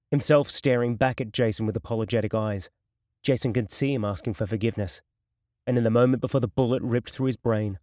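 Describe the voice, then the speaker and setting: A man narrating a crime novel audiobook in a steady, measured storytelling voice. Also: on the low side, dry recording, studio quality.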